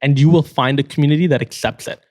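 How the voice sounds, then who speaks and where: Animated young Canadian man. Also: a little high, fast. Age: young adult. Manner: earnest, animated storyteller. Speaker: startup co-founder guest. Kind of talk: casual podcast chat.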